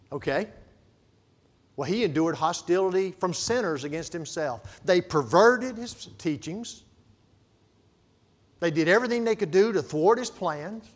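Male pastor, middle-aged, sermon, storytelling, slightly high voice, loud-to-quiet swings. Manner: storytelling preacher, shifts between loud emphasis and hushed asides.

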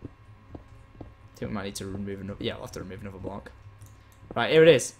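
A man chatting casually as he plays a game, explaining and getting excited as he goes. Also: on the low side, fairly quick, background noise. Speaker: gaming host. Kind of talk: casual chat while gaming.

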